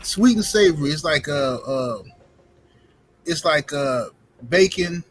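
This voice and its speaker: A man's voice: fairly high pitch, animated, takes it slowly, a crowd in the background, low-quality recording. A man in a laid-back, rambling casual podcast chat.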